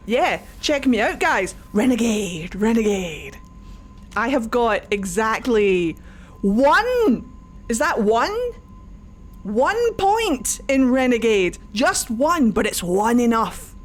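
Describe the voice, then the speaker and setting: A Scottish woman streaming a video game, chatting casually with viewers, joking and swearing freely. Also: medium pitch. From Scotland. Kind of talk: casual live-stream commentary.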